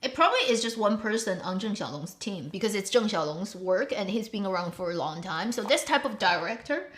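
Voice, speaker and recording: A woman hosts her own show, chatting casually and rambling while laughing often. Her medium-pitched voice is animated, brisk, and a bit bright, and the recording carries a roomy echo.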